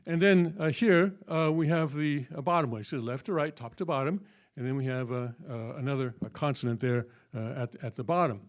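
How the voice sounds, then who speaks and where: A man teaching a classroom lesson in a folksy, halting way, often checking with the room. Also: mid-range voice. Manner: folksy, full of fillers and checking "okay?". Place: church hall.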